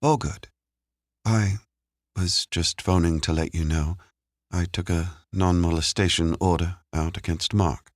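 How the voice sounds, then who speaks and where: A man voicing a playful, warm woman in an audiobook thriller, speaking lightly and coaxingly. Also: deep voice, fairly even intonation, a little slow, no room sound. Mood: friendly. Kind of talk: audiobook character voice. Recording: dry close studio sound.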